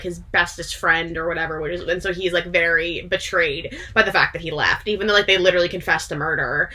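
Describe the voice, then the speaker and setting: Retelling a story to a friend, this woman vlogger chats casually and rambles, leaning hard on "like" and laughing in bursts. Her voice is lowish, with a pushed, bright quality.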